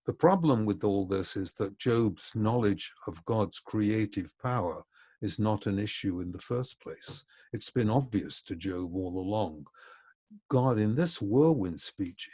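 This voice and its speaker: A man lectures in a measured, thoughtful way with a low, mellow voice. His tone is somewhat husky. The recording is dry and close, with no room sound. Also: animated, no echo.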